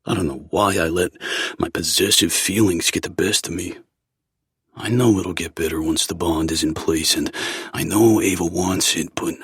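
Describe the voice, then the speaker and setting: Deep husky man narrating an audiobook. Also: fairly even intonation, normal speed, a bit bright, no room sound, studio quality. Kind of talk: first-person audiobook narration.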